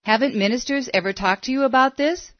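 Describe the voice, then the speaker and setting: A woman's voice: high voice, fast, no room sound, pitched above the performer's own voice, natural voice. A woman reading the lines of a persistent middle-aged female astrologer who presses with insistent, coaxing questions. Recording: dull, dry lo-fi recording.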